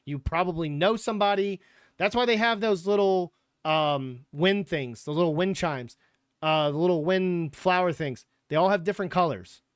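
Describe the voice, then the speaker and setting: A young man hosts his sports podcast livestream in a casual, rambling way, with sarcastic asides and the odd curse. His voice sits a touch high for a man and sounds smooth and clear. The sound is dry and close, with no room echo. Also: normal speed. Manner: loose, rambling and sarcastic, with profanity. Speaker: podcast host.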